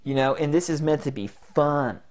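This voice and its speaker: A man giving an instructional talk in a jokey, animated way, now and then slipping into demo voices. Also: on the high side, normal speed. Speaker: self-help instructor.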